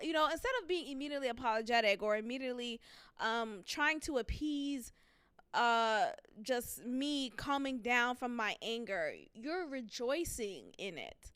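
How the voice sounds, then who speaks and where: Bright, candid woman podcaster. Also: a little high, moderate pace, clean tone, no room sound, studio quality. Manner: candid, animated, laughs loudly when amused. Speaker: podcast host. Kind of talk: casual solo commentary.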